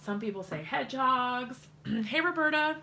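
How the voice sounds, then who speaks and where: A chatty woman in her thirties hosts a crafting demo from her home desk, talking straight to her viewers. Her voice is bright and forward, with a gravelly fry at the ends of phrases, and she laughs often between steps. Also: high voice, lively intonation, normal speed, a little hiss or hum. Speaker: crafting livestream host. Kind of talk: casual crafting demo chat.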